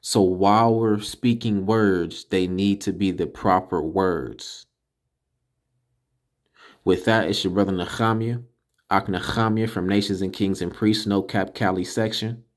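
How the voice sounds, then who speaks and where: Slow, emphatic man teaching a class. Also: sits low, fairly even intonation. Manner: slow, deliberate, repeats and sounds out syllables; emphatic and corrective. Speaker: teacher of a religious language class. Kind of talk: casual spoken lesson.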